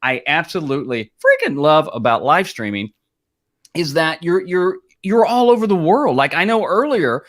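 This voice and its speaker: A man's voice: a little high, lively intonation, moderate pace, a bit bright. A middle-aged man co-hosting a live stream in casual, jokey banter, greeting viewers and teasing with silly asides. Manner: jokey, playful, slips into silly accents. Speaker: co-host.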